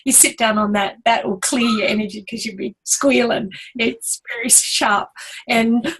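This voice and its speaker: Husky woman, lively storyteller. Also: fairly high pitch, unhurried, poor audio. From Australia. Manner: animated storyteller, laughs often. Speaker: co-host. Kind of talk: casual spiritual chat.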